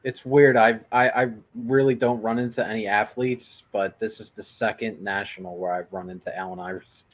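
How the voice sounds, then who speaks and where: A man hosting a casual podcast chat, relaxed and making dry remarks. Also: on the low side, moderate pace, hardly any pauses.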